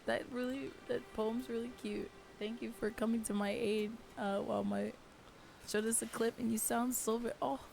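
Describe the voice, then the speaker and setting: A woman streaming a game, hoarse with a failing voice, greeting viewers in a bubbly, flustered way. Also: on the high side, fairly even intonation, moderate pace, darkish tone, a little hiss or hum, poor audio. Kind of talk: live gaming stream chat.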